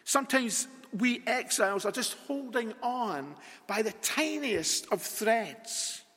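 Slow high-voiced male preacher, echoing hall. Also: lively intonation, pushed and bright, breathy edge. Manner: deliberate, repetitive rhetorical preaching with long pauses. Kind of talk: sermon. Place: church sanctuary. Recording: long reverb in a large hall.

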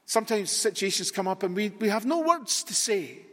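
A man preaching a sermon in a church, deliberate and repetitive, with long rhetorical pauses. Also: sits high, lively intonation. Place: church sanctuary. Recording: long reverb in a large hall.

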